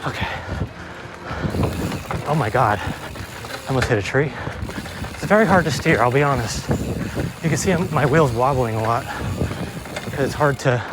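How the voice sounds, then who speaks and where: Riding a mountain bike through the woods, a young man narrates casually in a mid-range, animated voice at a measured pace, pausing often amid heavy noise. Breathless and cursing, he jokes about how unskilled he is.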